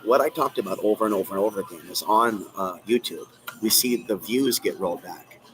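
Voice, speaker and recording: A man's voice: fairly low pitch, a little fast, noisy background. A man hosting a live stream, ranting in an agitated, rambling, repetitive way from a coffee shop. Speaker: channel host.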